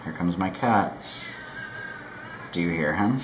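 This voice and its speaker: A man giving a relaxed, rambling makeup tutorial at home, with self-deprecating asides. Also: deep voice, slow, pauses often, roomy sound, slight background noise, rough recording. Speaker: makeup vlogger. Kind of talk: casual chatty tutorial.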